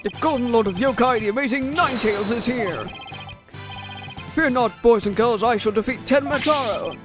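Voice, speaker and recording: A woman voicing a booming, heroic male pro wrestler with grand, theatrical proclamations, while reading game dialogue aloud. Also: moderate pace, music in the background, close to an everyday voice.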